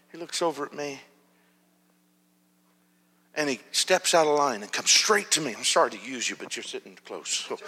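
Animated preacher in a reverberant hall. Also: male voice, medium pitch. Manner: animated, acts out shouts and whispers. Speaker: pastor. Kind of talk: sermon storytelling.

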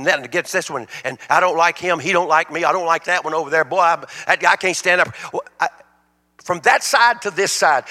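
A man's voice: on the high side, sharp tone. A man preaching a sermon as a guest speaker, in a plain-spoken, folksy way. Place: church sanctuary. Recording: long reverb of a church hall.

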